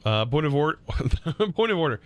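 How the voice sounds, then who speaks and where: A man's voice: on the high side, big pitch swings, a little slow, no echo. A man with a Southern US accent chatting casually on a live game stream, reading chat aloud and laughing often.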